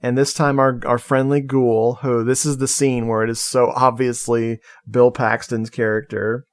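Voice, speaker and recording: A man's voice: mid-range voice, level tone, normal speed, no echo. A man co-hosting a podcast, recapping a horror film in casual chat and laughing at his own jokes. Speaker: podcast co-host.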